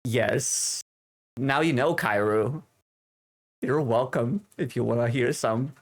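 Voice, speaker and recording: A man with a Finnish accent, a native Finnish speaker, chatting casually with his stream chat into a desk microphone at home, with halting English full of fillers. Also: mid-range voice. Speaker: livestream host.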